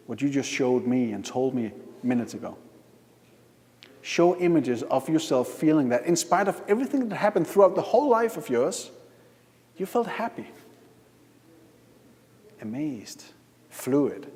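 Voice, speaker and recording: A man leading a live hypnosis demonstration at a conference, giving slow, coaxing instructions with repeated lists. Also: a little high, sing-song, a little mellow. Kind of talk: guiding a live hypnosis demo. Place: conference hall. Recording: reverberant conference hall.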